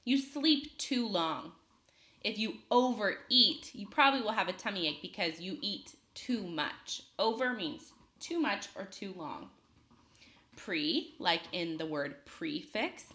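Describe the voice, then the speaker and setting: A woman teaching a phonics lesson to young children, speaking slowly and clearly and pausing for them to answer. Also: mid-range voice, sharp tone, reverberant. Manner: slow, clear, patient teacher talk with pauses for students.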